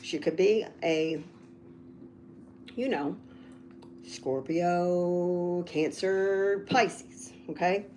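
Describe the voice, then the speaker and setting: A woman reading tarot cards on a casual livestream, rambling and getting loud when she's excited. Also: on the low side, drawn-out words, pauses often, slight background noise. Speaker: tarot reader.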